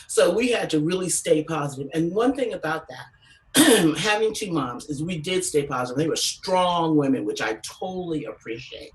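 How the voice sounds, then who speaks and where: A woman comedian doing an animated stand-up storytelling set, salty and quick to act out other people's voices. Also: deep voice, recorded from a distance, low-quality recording. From San Francisco Bay Area.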